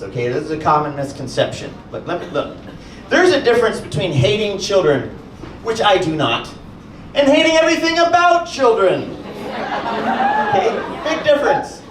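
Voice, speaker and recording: A man performing a stand-up comedy set, telling stories with lots of animation and acting out other people in high voices. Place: comedy club stage with audience. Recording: echoey club, far-off mic, audience noise.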